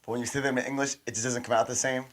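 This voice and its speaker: Slangy man telling animated stories. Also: medium pitch, very fast. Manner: animated storyteller, slangy, repeats himself. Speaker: podcast co-host. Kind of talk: casual chat.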